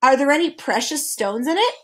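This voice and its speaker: A polite, curious young boy, voiced by a woman asks earnest questions in a slightly raised, light voice. A gentle storybook reading of a child. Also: high voice, sing-song, moderate pace, pitched above the performer's own voice.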